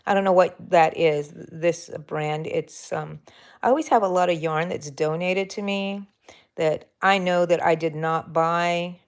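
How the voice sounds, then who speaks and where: A woman's voice: fairly low pitch, steady tone, measured pace, darkish tone. A woman with a Texan accent hosting a casual crochet livestream, chatting with viewers and talking to herself as she works. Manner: chatty, talks to herself and viewers while working. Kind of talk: casual crochet tutorial chat.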